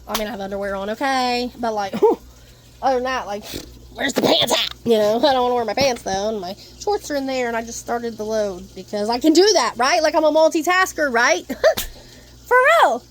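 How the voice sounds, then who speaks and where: A woman's voice: a little high, moderate pace, slight background noise. A woman vlogging at home in a rambling, profane rant, laughing between her thoughts. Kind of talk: casual rant to camera. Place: at home, indoors.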